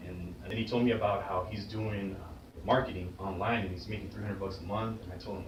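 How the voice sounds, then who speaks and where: A man's voice: low-pitched, fairly even intonation, brisk, few pauses. A man giving a motivational speech, telling personal stories in an earnest, conversational way with frequent restarts, recorded in an echoey room with an audience. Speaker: motivational speaker. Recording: echoey room from a distant mic with faint background noise.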